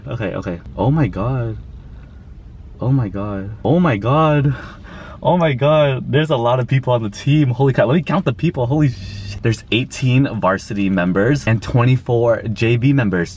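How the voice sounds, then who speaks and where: A young man vlogging casually to camera, excitable and gushing, nervous. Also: mid-range voice. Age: young adult. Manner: excitable, gushing, lots of "oh my God". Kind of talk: casual vlog talk to camera.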